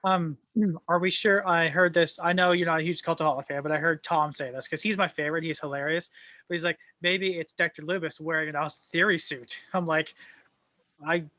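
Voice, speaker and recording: A man with a high, bright voice co-hosts a wrestling news chat. He speaks easygoing and eager, like a true fan. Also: fairly even intonation, brisk, no room sound, clean studio sound. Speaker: podcast co-host.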